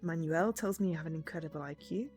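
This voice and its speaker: A woman's voice: sits low, quick pace, darkish tone, soft background music, natural voice. A woman voicing a cocky male private detective in his thirties, putting on a Scottish accent while reading a visual novel. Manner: confident, self-assured boasting.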